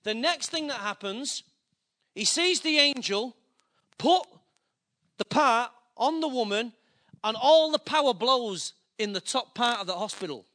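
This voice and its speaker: Speaking unhurriedly in a very high-pitched voice, this man preaches through a story. He's animated, voices the characters' lines himself, and grows visibly emotional.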